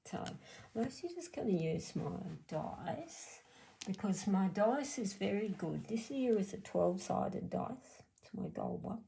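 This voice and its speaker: A woman's voice: mid-range voice, very animated, measured pace, creaky, mellow, slight background noise, poor audio. A middle-aged Australian woman giving a chatty, blunt card reading on a live stream, answering viewers by name. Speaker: card reader.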